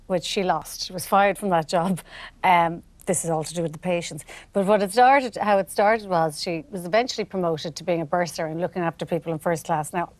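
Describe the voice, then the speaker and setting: A woman's voice: on the low side, dry recording. A woman telling a comic anecdote, laughing often as she talks. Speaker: storyteller.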